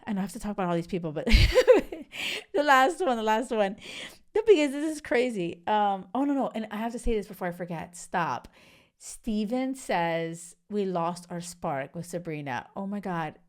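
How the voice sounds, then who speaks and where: A woman in her thirties hosting a podcast, giving a casual, blunt recap of a reality show with swearing and sudden bursts of laughter. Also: mid-range voice. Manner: animated, blunt and swearing, swinging between laughs and earnest. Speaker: podcast host.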